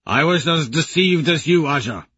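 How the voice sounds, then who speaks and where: A man's voice: fairly high pitch, expressive, normal speed, slightly rough, dry recording, lo-fi sound, voice pushed up. A male audiobook narrator voicing a grave older warrior who insists he wants peace. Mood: pleading. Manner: firm, loud calls.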